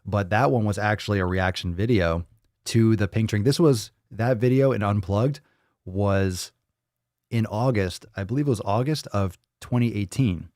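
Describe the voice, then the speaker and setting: Low-voiced man on a casual live stream. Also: moderate pace, darkish tone, no echo, clean studio sound. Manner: loose, profane and joking, reading chat aloud.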